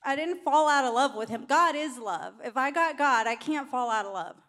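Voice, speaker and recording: A middle-aged woman preaching a sermon, telling a candid personal story in an animated way. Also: high voice, normal speed.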